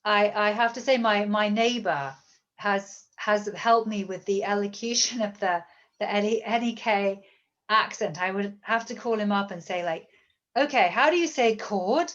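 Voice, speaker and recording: A woman's voice: medium pitch, unhurried, fairly bright tone. Hesitant British woman author, lo-fi. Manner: thoughtful, hesitant with repeated words. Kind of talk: bookstore author Q&A.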